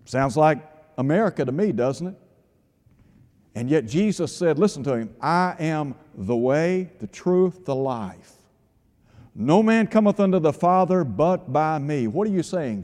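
A man's voice: a little high, a little mellow. A man preaching a radio sermon with emphatic delivery, asking rhetorical questions and quoting scripture. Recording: long hall reverb.

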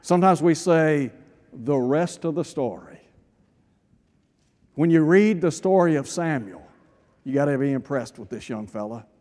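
A man preaching a sermon, reading scripture aloud and slowing down on key phrases for emphasis. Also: a little high, animated, darkish tone. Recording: long hall reverb.

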